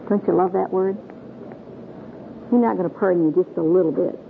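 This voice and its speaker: A lowish voice with vocal fry, a little fast, belongs to a middle-aged Michigan woman teaching Bible class to a gathered group in a meeting room. She's folksy and earnest, asking questions, and the old tape is tinny and phone-like with a faint hiss.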